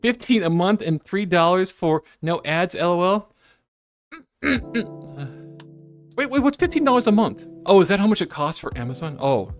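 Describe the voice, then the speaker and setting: Woman streamer, casual chat: giggly and chatty, voice leaping up and down, soft music under it. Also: lowish voice, sing-song, normal speed. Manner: giggly, chatty, self-correcting asides. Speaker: VTuber streamer. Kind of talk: casual live-stream chat, reading chat messages.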